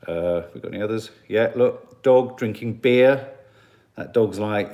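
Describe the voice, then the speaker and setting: A man's voice: lowish voice, measured pace, warm tone. A man hosting a casual live stream, chatting in a rambling way and reading out viewer comments. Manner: chatty and rambling, with frequent restarts and asides.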